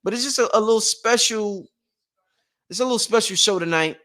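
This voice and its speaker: A man hosting a casual motivational livestream, rambling and repetitive, with slang and shout-outs to his viewers. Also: sits high, a little fast. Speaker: livestream host.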